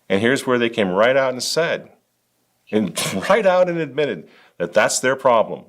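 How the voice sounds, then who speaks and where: A man's voice: medium pitch, expressive, moderate pace, a bit bright. A male commentary host speaking indignantly, firing rhetorical questions straight at a bishop. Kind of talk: impassioned commentary.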